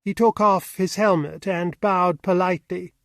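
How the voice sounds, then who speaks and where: Male audiobook narrator, steady even delivery, fairly high voice, dry close studio mic. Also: measured pace, no room sound. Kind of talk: scripted narration.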